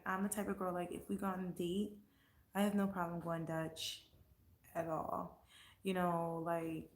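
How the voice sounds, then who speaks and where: A woman's voice: fairly low pitch, reverberant. A woman vlogger chatting casually and answering comments, blunt and profane, getting heated as she talks.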